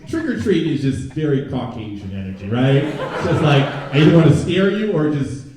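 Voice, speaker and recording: A young man performing a stand-up comedy set, chatting with the crowd and jumping into loud mocking voices. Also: fairly high pitch, very animated, moderate pace, noisy background. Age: young adult. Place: comedy club stage before a live audience. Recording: very echoey room, from a distance.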